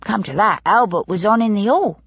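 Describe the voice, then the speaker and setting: Brief: woman reading as a confiding young maid, raised pitch, broad dialect, husky dull recording. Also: lively intonation, moderate pace, fairly bright tone, no echo. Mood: earnest. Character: young gossipy female housemaid, eager and superstitious.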